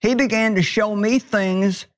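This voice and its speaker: Slow, emphatic woman preaching. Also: mid-range voice, fairly even intonation. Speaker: Bible teacher. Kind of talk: sermon.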